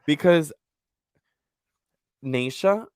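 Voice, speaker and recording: A man co-hosting a podcast in casual chat, talking in an animated, profane way. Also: a little high, extremely slow, clear, resonant tone, dry recording, studio quality. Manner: animated, profane, swings into loud mock voices. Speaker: podcast co-host.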